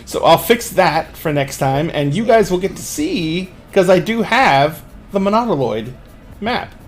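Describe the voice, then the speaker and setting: A man's voice: sits high, sing-song, measured pace. A man game master narrating a tabletop game scene, with frequent restarts.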